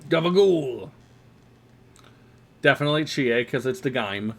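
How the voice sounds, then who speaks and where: A man's voice: mid-range voice, expressive, moderate pace, slight background noise. A man casually commenting while he plays a fighting game, chatty and wry, drifting off on tangents. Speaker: streamer playing a fighting game.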